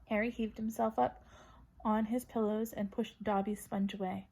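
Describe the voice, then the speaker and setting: Expressive woman reading a storybook. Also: mid-range voice, moderate pace, gravelly, slightly rough. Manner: expressive, voices characters. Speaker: audiobook reader. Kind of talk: storybook narration.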